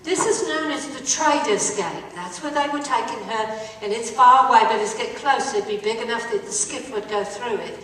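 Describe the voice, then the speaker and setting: A bright-voiced woman storyteller with a high, lively voice, performing for a live crowd. She drags out her phrases and pauses to quiz her listeners. She is picked up from far off in a large, echoing hall. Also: slight background noise. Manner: dramatic, drawn-out, quizzing listeners. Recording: echoey hall recorded from far off.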